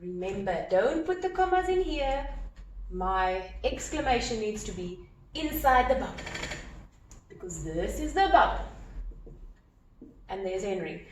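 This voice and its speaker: A woman teacher explaining a grammar lesson step by step, animated and repeating key points. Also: medium pitch, unhurried, long pauses, a little hiss or hum. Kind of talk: recorded grammar lesson at a whiteboard. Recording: echoey room with faint ambience.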